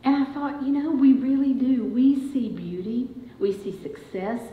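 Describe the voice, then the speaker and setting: A woman preaches in a church sanctuary, her high-pitched voice fairly even in intonation and moderate in pace. She recounts a family story and builds toward emphatic declarations. The recording is dull and echoey.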